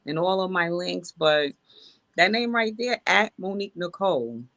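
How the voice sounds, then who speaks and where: Singer guest, woman in her 40s, bright tense tone, friendly, dry close sound. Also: lowish voice, lively intonation, moderate pace, no echo. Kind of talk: casual interview chat.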